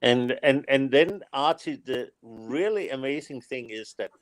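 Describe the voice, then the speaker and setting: Man, very slow pace, dry close sound, teasing. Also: medium pitch, expressive, no room sound. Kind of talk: casual group chat.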